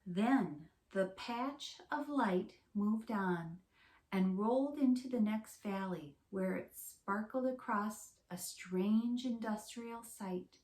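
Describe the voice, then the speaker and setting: A woman teacher reading a storybook aloud to young children in a slow, clear, expressive way. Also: mid-range voice. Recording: roomy echo.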